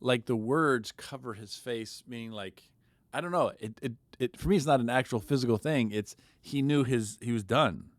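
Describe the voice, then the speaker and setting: A man's voice: medium pitch, moderate pace, no room sound. A man co-hosting a podcast, chatting casually about Bible stories, reading scripture aloud and acting out the quoted lines with energy. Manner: animated storyteller, acts out quoted lines. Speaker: podcast co-host.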